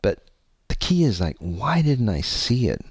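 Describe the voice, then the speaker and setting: Man, husky, dry close sound, earnest rambling storyteller, fillers and swearing. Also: lowish voice, sing-song, a little slow, a little mellow, no room sound. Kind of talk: candid personal story told to an audience.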